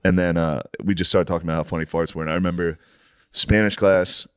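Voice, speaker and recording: A man's voice: deep voice, fairly even intonation, fast talker, clear, resonant tone, no room sound, studio quality. A man co-hosting a podcast in casual comedic chat, telling stories with animation, swearing freely and laughing through them. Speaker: podcast co-host.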